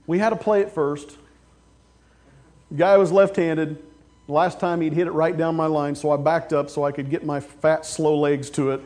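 A male pastor preaching a sermon, with casual stories and sudden loud, emphatic outbursts. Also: fairly high pitch, steady tone, moderate pace.

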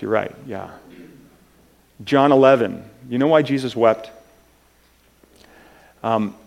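A man preaching a sermon in an earnest, halting way, with many restarts, moving between soft and loud passages. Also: medium pitch, creaky. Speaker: pastor.

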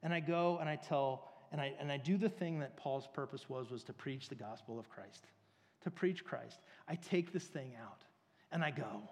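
A man's voice: medium pitch, normal speed. A man preaching a casual, conversational sermon, telling stories with lots of fillers. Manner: casual, filler-heavy, storytelling. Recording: long reverb of a large hall.

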